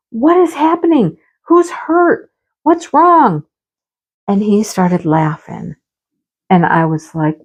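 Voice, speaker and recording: A middle-aged woman in a casual home-office chat, telling stories in a chatty, animated way. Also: medium pitch. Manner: chatty, storytelling, animated exclamations. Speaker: craft vlogger.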